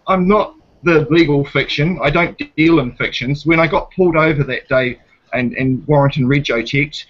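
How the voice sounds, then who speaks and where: This is a man with a New Zealand accent, blunt and given to swearing, and his voice sits somewhat high for a man. He is caught on dull, lo-fi audio. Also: normal speed, fairly bright tone. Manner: blunt, swearing, retells a police stop acting out both sides. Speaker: guest. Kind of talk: casual debate chat.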